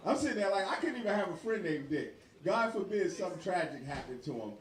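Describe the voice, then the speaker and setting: Animated stand-up comedian in a bar. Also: male voice, high-pitched, quick pace. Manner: animated, profane, laughs through his lines. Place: bar stage. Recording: echoey bar with crowd laughter.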